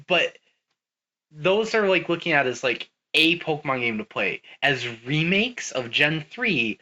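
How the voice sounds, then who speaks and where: Male podcast co-host, bright and animated, casual gaming chat on a dull low-fi mic.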